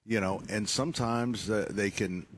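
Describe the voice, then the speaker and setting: Low-voiced guy rambling on radio, jokey, pokes fun at himself. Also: moderate pace, a little hiss or hum. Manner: joking, rambling, self-mocking. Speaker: garden center owner on radio show. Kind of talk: casual radio chat.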